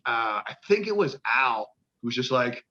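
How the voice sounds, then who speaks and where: A man's voice: mid-range voice, very animated, measured pace, sharp tone, dull audio. A man, a pro wrestler, telling rambling, profane stories in a casual interview and acting out the voices of people he quotes.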